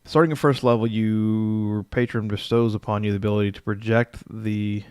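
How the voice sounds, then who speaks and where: A man's voice: fairly low pitch, steady tone, normal speed, a little mellow, clean tone, no echo, studio quality. A man chatting casually on a livestream as he builds a game character, thinking aloud, reading rules text and answering his chat.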